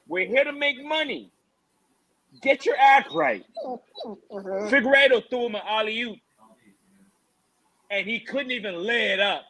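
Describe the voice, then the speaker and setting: A man with a strikingly high, sharp voice co-hosts a combat-sports preview. He rants in an animated, mocking way, full of exasperation. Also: rough recording. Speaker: MMA show co-host. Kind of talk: ranting fight preview chat.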